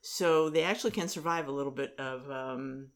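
A woman's voice: very deep voice, normal speed, over a noisy crowd. A middle-aged woman in casual conversation, rambling with many fillers and restarts.

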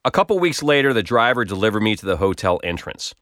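A man tells a personal story with wry, self-deprecating humor, his pitch rising and falling freely as he goes. The recording is dry and close, with no room echo around him. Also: very animated, fast, a bit bright. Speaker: blog storyteller.

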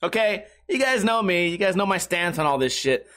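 Young male streamer, high voice, profane and rambling reaction commentary. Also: big pitch swings, brisk, a bit bright. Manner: swears constantly, rambling with many restarts. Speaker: streamer reacting to news articles.

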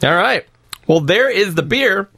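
A man's voice: high voice, lively intonation, unhurried, vocal fry, pushed and bright, husky, no room sound. A man co-hosting a casual podcast, jokey and upbeat, reading listener feedback. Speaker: podcast co-host. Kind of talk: casual chat.

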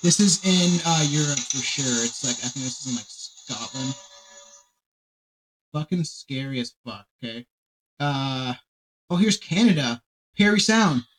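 A man hosting a podcast in casual chat, rambling and excitable and swearing a lot. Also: medium pitch, measured pace, pauses often, breathy edge, poor audio. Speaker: podcast host.

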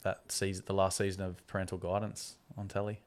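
A man's voice: low-pitched, level tone, brisk. A man, co-hosting a casual podcast chat with laid-back, dry quips. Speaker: podcast co-host.

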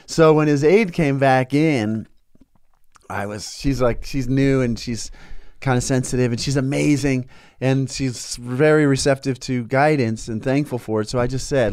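A man co-hosts a casual talk show in a smooth, clear voice at an ordinary middle pitch. He tells stories with energy and slips into the voices of the people he is quoting. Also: measured pace. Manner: animated storyteller, acts out quoted voices. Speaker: co-host. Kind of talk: casual chat.

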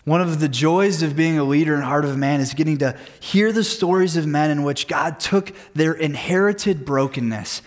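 A man's voice: fairly high pitch, normal speed, hardly any pauses. A man in his thirties, a men's group leader, giving an earnest devotional talk full of personal stories. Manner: earnest storytelling with personal anecdotes.

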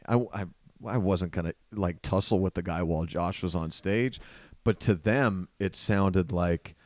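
A man with an East Coast American accent, a comedian co-hosting a podcast, telling animated stories in casual chat. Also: low voice, a little slow, no room sound. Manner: animated storyteller acting out crowd voices.

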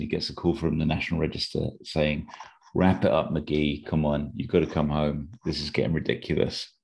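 There's a bass voice here, a little mellow, belonging to a man who co-hosts a podcast. Chatting casually, he rambles through an idea for an episode, stopping and restarting often and leaning on fillers.

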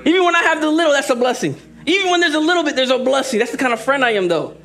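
Young guy pastor preaching, really high voice, jokey and lively, music faint underneath. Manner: lively, joking, shifts between fast asides and slow emphatic lines. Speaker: assistant pastor. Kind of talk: sermon.

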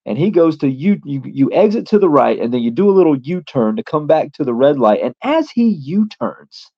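A man's voice: a little high, sing-song, moderate pace, hardly any pauses, dull audio. A man, a pro wrestler appearing as a guest, telling a casual story in a rambling way with lots of fillers.

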